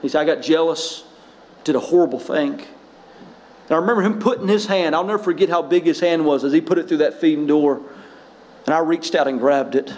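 High-voiced preacher man. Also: fairly quick, low-quality recording. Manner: impassioned preaching, rising and shouting at peaks; drops low and quiet for personal stories. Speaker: pastor. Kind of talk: sermon.

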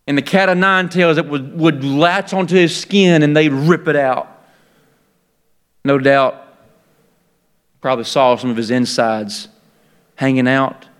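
A man preaching an impassioned sermon, fervent and full of repeated restarts, building up to shouts. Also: on the high side, a little slow, long pauses, clear, resonant tone.

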